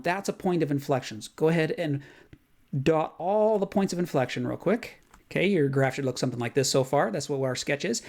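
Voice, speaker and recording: A man teaching a recorded math lesson in a casual way, thinking aloud with fillers and quick self-corrections. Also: on the high side, a little mellow.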